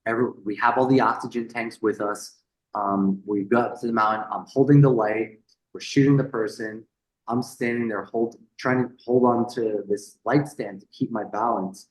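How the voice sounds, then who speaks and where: Animated, swearing man telling a story. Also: mid-range voice, moderate pace, echoey room, rough recording. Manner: animated, swears freely, repeats words, acts out quoted people. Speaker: podcast guest. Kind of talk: casual storytelling interview.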